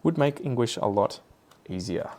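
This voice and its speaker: A man's voice: mid-range voice, lively intonation, normal speed, mellow. A man with an Australian accent who hosts a plant channel, chatting casually and rambling off on tangents while he pots up plants.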